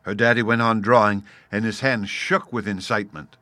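Bright-voiced man reading a storybook. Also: on the low side, steady tone, normal speed, dry recording.

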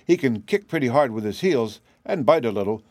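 A man's voice: medium pitch, animated, a little fast, darkish tone, no room sound, close to an everyday voice. A man voicing a curious, plain-spoken girl traveler in an audiobook, in an earnest, questioning way. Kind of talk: audiobook character reading.

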